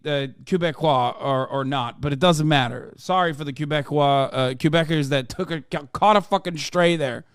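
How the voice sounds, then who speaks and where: A man with a high, smooth, clear voice hosts a live stream. He reads quoted passages quickly and flatly, then cuts in with profane, sarcastic rants. The sound is dry and close. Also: dry recording. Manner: fast, flat reading of quoted text. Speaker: streamer host. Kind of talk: live-stream commentary, reading articles aloud.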